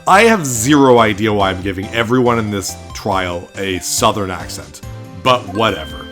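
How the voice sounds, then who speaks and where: A man tossing off quick, enthusiastic asides while he plays through a game. His voice is bright and forceful, with a lively rise and fall in pitch. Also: soft background music. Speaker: let's play host. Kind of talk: casual game commentary.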